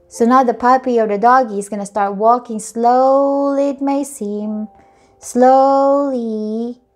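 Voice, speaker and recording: A woman's voice: on the high side, a little mellow. Woman doing a tarot reading, reassuring, repeats herself, faint music behind. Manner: repetitive, reassuring. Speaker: tarot reader.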